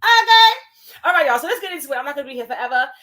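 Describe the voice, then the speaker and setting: A woman hosting her first livestream from home, talking in an excited, nervous and giggly way with lots of exclamations. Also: high-pitched, rapid-fire. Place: home in Paris.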